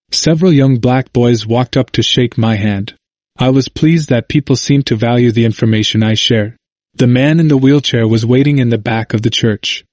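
A man narrating a first-person memoir in a measured, earnest audiobook reading, recorded on a close studio mic. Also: medium pitch, a little mellow, dry recording.

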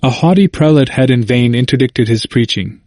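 Measured male audiobook narrator, dry sound. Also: mid-range voice, a little mellow, no room sound. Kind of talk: scripted narration of a history book.

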